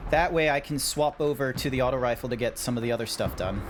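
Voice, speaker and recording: A man's voice: mid-range voice, fast talker. An Australian man streaming a video game, talking to himself and to his chat in a rambling way. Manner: chatty, rambling self-talk. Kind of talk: casual gameplay commentary. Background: game music.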